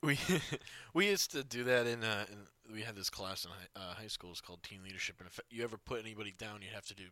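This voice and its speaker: A man with a very bright, fairly low voice ribs his friends on a comedy podcast. His teasing is dry and deadpan, and the sound is close and dry. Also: fast, few pauses, no echo. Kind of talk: casual comedy banter.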